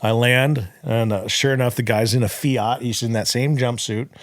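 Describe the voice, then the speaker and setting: A man's voice: medium pitch, fairly even intonation, moderate pace, no echo, studio quality. A young man from Southern California, a podcast guest telling his story in a blunt, profane, casual way and acting out the dialogue.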